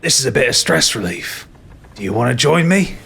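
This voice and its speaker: A man's voice: mid-range voice, sing-song, fairly quick, creaky, crowd noise. A man voicing a boastful, nostalgic pirate captain in a tabletop game, with a stagey pirate drawl that keeps slipping out of its accent. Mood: gleeful.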